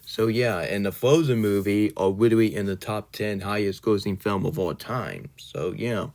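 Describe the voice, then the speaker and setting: Lowish-voiced guy hosting his channel, ranting all worked up, lots of "like". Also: moderate pace, a little mellow. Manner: indignant, ranting, loosely worded with many fillers. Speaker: channel host. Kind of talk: casual vlog rant.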